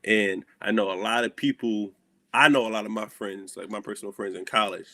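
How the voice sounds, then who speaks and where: A young man with a Southern American accent, hosting a casual chat and acting out stories with animated dialogue. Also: fairly low pitch, fairly quick, dry recording, studio quality. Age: young adult. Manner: animated storytelling, acts out dialogue. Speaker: host.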